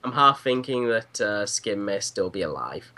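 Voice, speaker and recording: A man's voice: on the low side, big pitch swings, moderate pace, bright, forceful tone. A man with a British accent, playing a game with friends over voice chat, joking and laughing often. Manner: giggly, joking. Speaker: game player. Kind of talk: casual voice chat while gaming.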